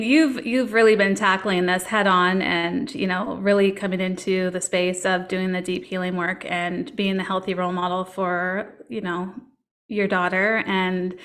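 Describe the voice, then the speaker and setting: A woman's voice: mid-range voice, a bit bright. Earnest, encouraging woman podcast host. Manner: earnest and encouraging, many fillers. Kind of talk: casual podcast conversation.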